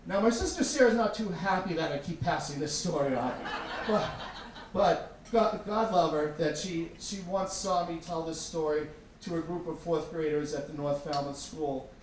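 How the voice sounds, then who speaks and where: A man telling a story live in a tavern, earnest and animated, recorded from a distance. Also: fairly high pitch, normal speed, a little hiss or hum. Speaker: storyteller, teacher. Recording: echoey room, distant mic.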